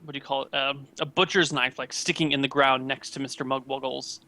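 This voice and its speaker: Man running a tabletop game, gravelly, bright voice, casual halting narration. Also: medium pitch, steady tone. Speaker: game master.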